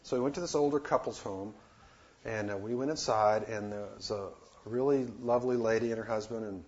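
A man telling a personal missionary story in a casual, halting way, with many fillers and restarts. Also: fairly low pitch, darkish tone. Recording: dull lo-fi recording with faint noise.

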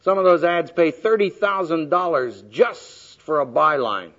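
A man with a high, lively voice gives a sermon-style teaching talk, swinging his pitch widely and bursting into loud quoted voices for laughs. The recording is dull and lo-fi. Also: measured pace. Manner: animated, humorous, acts out quoted voices loudly. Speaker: preacher teaching speaking skills.

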